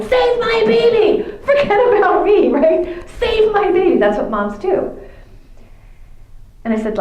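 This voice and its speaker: A woman's voice: a little high, darkish tone, muffled recording. A middle-aged woman, telling a faith story to a youth audience and acting out the dialogue. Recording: echoey room.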